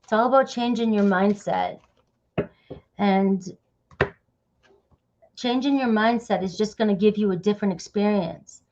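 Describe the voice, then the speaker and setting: A woman's voice: mid-range voice, unhurried, pauses often, a little mellow, lo-fi sound, a little hiss or hum. A woman giving a casual tarot reading, chatty and loose, often dropping in "all right" and "okay". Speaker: tarot reader.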